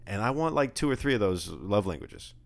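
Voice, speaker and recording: A man's voice: on the low side, very animated, fairly quick, gravelly. A young man co-hosting a casual chat, joking and rambling through stories. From Southern California. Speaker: podcast co-host.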